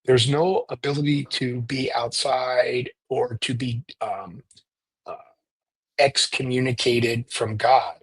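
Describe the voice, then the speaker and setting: A priest leading a retreat, explaining prayer in a conversational, animated storytelling way and often checking in with "right?". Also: male voice, medium pitch, takes it slowly, breathy edge, dry recording, rough recording. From United States. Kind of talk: conversational teaching.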